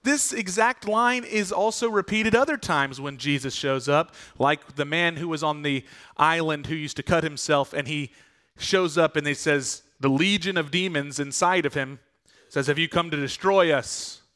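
A male pastor preaches a sermon in an earnest, conversational manner, often putting rhetorical questions to the congregation. His voice is a little high and sharp, at a normal speed.

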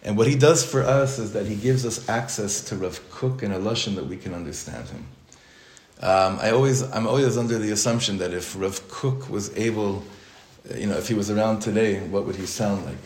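In an echoey synagogue study hall, a man gives his congregation an informal Torah class, speaking briskly in a fairly low, darkish voice. As their rabbi, he talks conversationally with restarts, joking asides and plenty of Hebrew and Yiddish terms.

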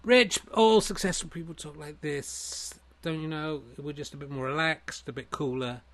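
A man voicing a smug, successful version of himself who brags in a lazy, relaxed drawl. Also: on the high side, normal speed, lightly acted. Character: smug, laid-back successful man, self-satisfied show-off.

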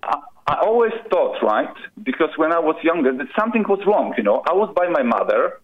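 A man from Poland with a Polish accent, calling in to a show and speaking haltingly, full of "you know". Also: on the high side, very animated. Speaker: caller. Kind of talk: casual call-in chat. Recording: muffled phone call-in line.

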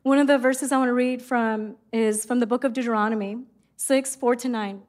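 High-voiced woman preaching a sermon. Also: moderate pace. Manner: earnest storytelling, exclaims in quoted excitement.

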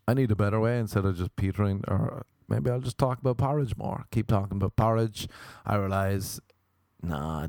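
A young man with a lowish voice tells a comic personal story in a casual monologue. He swears freely and acts out his reactions, jumping into high, silly tones. The sound is dry and close. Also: darkish tone, no echo.

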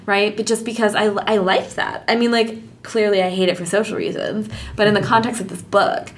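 Animated, giggly woman podcaster. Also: mid-range voice, brisk. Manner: animated, laughs often, hedges with "like". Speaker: podcast co-host. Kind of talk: casual book discussion.

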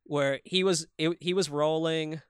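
A man co-hosting a podcast in casual chat, excitable and swearing freely with quick asides. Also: fairly high pitch, smooth, no room sound, clean studio sound. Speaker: podcast co-host.

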